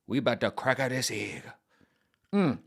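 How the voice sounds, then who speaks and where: Animated slangy man rambling to camera. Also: mid-range voice, normal speed, gravelly. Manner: animated, slangy, repeats himself, restarts and trails off. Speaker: vlogger. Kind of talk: casual rambling monologue to camera.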